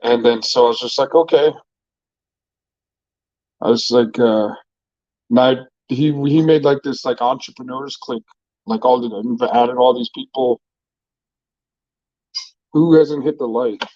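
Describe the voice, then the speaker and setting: A man's voice: medium pitch, fairly even intonation, measured pace, long pauses, darkish tone, no echo, highs cut off. Laid-back, profane man telling stories. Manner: laid-back, profane, rambling with many fillers. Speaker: restaurant owner and vlogger. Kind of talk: casual storytelling.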